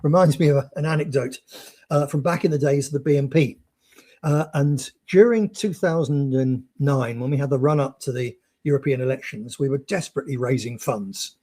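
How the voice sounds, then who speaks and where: Husky man telling a rambling story. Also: medium pitch, a little fast, warm tone. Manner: rambling storyteller with frequent restarts and fillers. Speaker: speaker presenting a project. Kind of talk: anecdote-telling, then reading a prepared text aloud.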